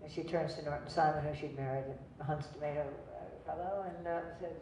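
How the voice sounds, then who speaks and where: At a cinema venue, an older actress entertains the audience with meandering, chatty stories, laughing at her own punchlines. Her voice sits low and dark, moves little in pitch and runs a little fast. Slight background noise colors the distant, roomy lo-fi recording.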